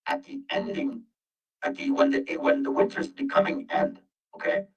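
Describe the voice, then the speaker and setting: A man's voice: huge pitch swings, normal speed. A man reading Bible verses aloud and explaining them to his listeners, whom he calls family; his voice runs through an accidental robotic voice-changer filter. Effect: accidental deep robotic voice-changer filter. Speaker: Bible teacher. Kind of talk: informal scripture reading and teaching. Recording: muffled, distant, with faint music.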